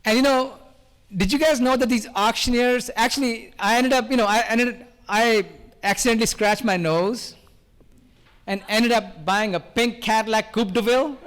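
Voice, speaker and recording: An older man from India doing a loud, fast-talking live stand-up routine, joking with the crowd at a variety show. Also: high-pitched. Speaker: stand-up comedian.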